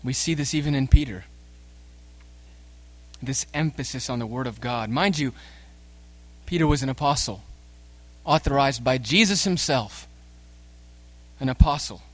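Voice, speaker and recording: A man preaching a sermon. His delivery swings between soft, slow, low-pitched passages and loud, emphatic outbursts, and he addresses the congregation directly.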